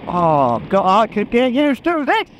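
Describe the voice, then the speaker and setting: A man chatting excitedly to a helmet camera while riding a motorbike, laughing often. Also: high-pitched, unhurried, a little hiss or hum, rough recording. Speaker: motorcycle vlogger. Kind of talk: casual chat while riding. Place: on a motorbike on open country roads. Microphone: helmet-mounted action camera.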